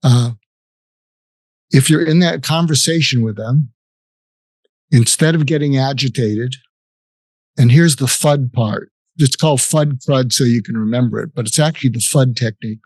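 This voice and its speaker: A man's voice: mid-range voice, normal speed, pauses often, darkish tone, no room sound. An older man, a psychiatrist guest in an interview, explaining techniques earnestly and acting out example conversations. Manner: earnest, acts out example dialogues, many restarts.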